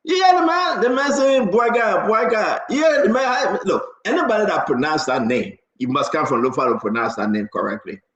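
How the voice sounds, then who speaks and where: A man's voice: fairly high pitch, animated, a little fast, few pauses, fairly bright tone, echoey room. A man with a Liberian English accent, co-hosting a casual talk show, emphatic and laughing, firing off rhetorical questions. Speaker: co-host.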